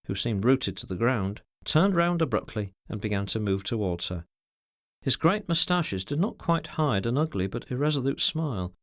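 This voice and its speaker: A man narrates a classic novel as an audiobook reader, measured and expressive in his scripted delivery. His voice sits at medium pitch, and the recording is dry with clean studio sound.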